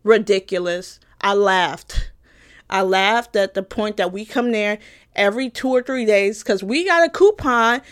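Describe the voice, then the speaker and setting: A young woman giving an emphatic, satirical personal monologue, repeating lines for punch and swearing freely. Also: high-pitched. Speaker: comedic commentator.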